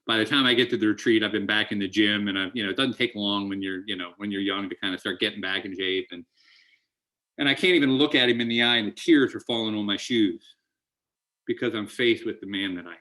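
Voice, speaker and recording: A man's voice: lowish voice, fast, sharp tone. A middle-aged man speaking at a recovery meeting, telling his story in an earnest, emotional way with many restarts. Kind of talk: recovery talk.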